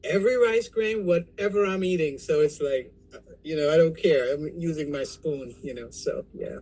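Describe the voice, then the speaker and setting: A woman's voice: low voice, moderate pace, poor audio. A woman in a weight loss support group, chatting on a video call and acting out the voices in her story. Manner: animated storyteller, acts out quoted voices. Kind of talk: casual video call chat. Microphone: computer mic on a video call.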